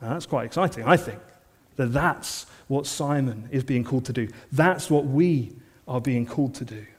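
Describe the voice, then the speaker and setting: A man preaching a sermon in an earnest manner, often dropping to soft, intense lines. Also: medium pitch, moderate pace, breathy edge, in a large hall.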